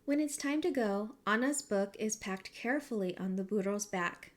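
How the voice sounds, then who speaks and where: A woman teacher reads a children's picture book aloud, telling the story with expression. She pauses to point listeners to details in the illustrations, in a clear classroom read-aloud manner. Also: mid-range voice.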